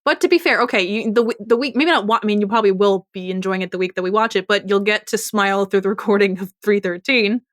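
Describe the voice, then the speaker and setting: A woman's voice: medium pitch, fast talker, hardly any pauses, no room sound. Chatty woman podcaster, dry sound. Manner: rambling, chatty, laughs often. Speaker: podcast co-host. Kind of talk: casual chat.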